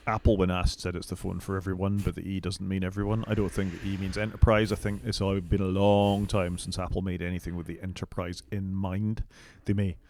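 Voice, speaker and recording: A man co-hosting a casual tech podcast, measured and dryly sceptical. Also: deep voice, flat delivery, darkish tone. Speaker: podcast co-host.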